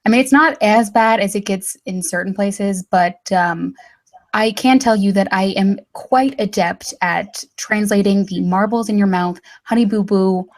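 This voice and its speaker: A woman's voice: mid-range voice, unhurried. A woman from Tennessee, talking in an easygoing group chat. She hesitates and restarts her sentences often, and her voice sits in a plain middle range. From Middle Tennessee, USA. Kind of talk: casual chat.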